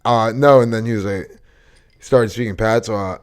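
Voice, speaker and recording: Deep-voiced man hosting a loose podcast. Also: moderate pace, smooth. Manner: loose, profane and joking. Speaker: podcast host. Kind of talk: casual chat.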